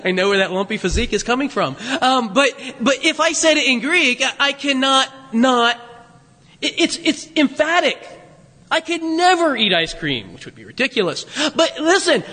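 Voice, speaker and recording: A bright, high-pitched man in his fifties preaching in an animated, joking way. His voice carries a long hall reverb from the church sanctuary around him. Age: 50s. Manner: animated, jokey preaching with self-deprecating laughs. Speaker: pastor. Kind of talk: sermon.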